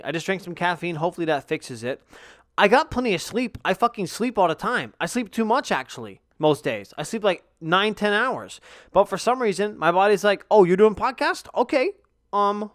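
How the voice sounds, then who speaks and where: A man's voice: sits high, clear, resonant tone, no echo, clean studio sound. Swearing young man rambling on a podcast. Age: young adult. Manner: rambling, swears constantly, excitable. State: tired, yawning. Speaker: podcast host. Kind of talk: casual solo podcast chat.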